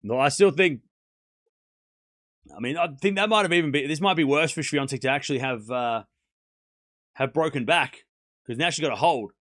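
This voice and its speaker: A man hosting a live tennis watchalong, his voice pitched a little high and strongly bright. He shouts out the big shots, then turns to his chat with playful teasing. The sound is close and dry. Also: normal speed, pauses often, no room sound. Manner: excited call-outs of play, then chatty asides to chat; teasing, mock-comforting viewers. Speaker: streamer commentating a tennis match.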